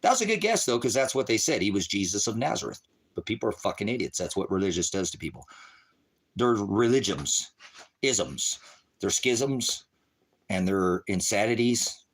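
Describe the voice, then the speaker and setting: A man on a livestream, ranting about scripture at his chat, swearing and taunting, dropping from low mutters to high shouts. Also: expressive, moderate pace, a little hiss or hum. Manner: profane, taunting, mocking laughter. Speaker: livestream preacher. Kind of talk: heated livestream rant at chat.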